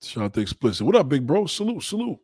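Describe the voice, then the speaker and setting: A young man chatting casually with viewers on a livestream, rambling in profane street talk and giving shout-outs. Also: on the high side, sing-song, quick pace, slightly rough, no echo. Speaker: livestream host.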